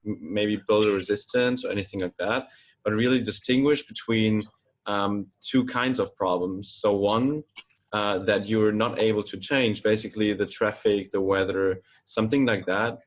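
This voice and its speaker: A man with a fairly low voice hosts a casual interview. He talks things through thoughtfully, hesitating and filling pauses as he builds his point. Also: fairly even intonation. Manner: thoughtful, hesitant, many fillers. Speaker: podcast host.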